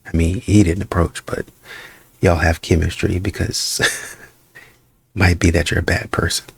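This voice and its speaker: A man's voice: deep voice, flat delivery, a little slow, creaky, breathy edge, dry recording. A man hosting a reaction video, commenting bluntly and mockingly on dating clips. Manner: blunt, mocking, chuckling asides. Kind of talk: casual commentary.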